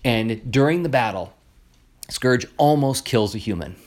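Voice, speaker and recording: A man hosting a podcast, telling an episode's story in a casual, animated way with many fillers and restarts. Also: mid-range voice, unhurried. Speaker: podcast host. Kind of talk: casual commentary on a cartoon episode.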